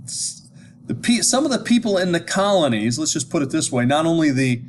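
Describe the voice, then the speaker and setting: An American man gives an informal, conversational lecture, frequently checking that listeners are keeping up and restarting his sentences often. His voice is slightly high and fairly quick with wide pitch swings, and a faint hiss or hum is present.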